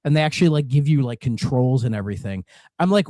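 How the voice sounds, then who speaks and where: A man's voice: a little high, animated, quick pace, warm tone, dry recording. A man co-hosting a retro game podcast in casual, rambling chat, swearing and drifting into rants. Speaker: podcast co-host.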